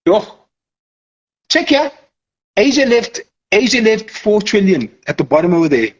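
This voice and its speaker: A man's voice: high voice, big pitch swings, a little slow, lo-fi sound, pitched above the performer's own voice, heavily acted. A man voicing a boastful, hyped big-money trader in slangy banter.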